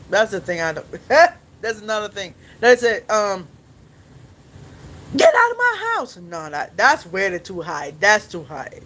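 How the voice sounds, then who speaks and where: A man's voice: high voice, fairly bright tone, slight background noise, low-quality recording. A young man hosting a podcast, chatting casually with his viewers in a rambling, playful way and laughing often. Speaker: podcast host.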